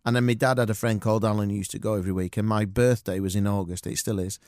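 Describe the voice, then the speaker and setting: A man's voice: fairly low pitch, fairly even intonation, rapid-fire, darkish tone, no echo, clean studio sound. A man born in Spain, a guest telling stories in a casual chat.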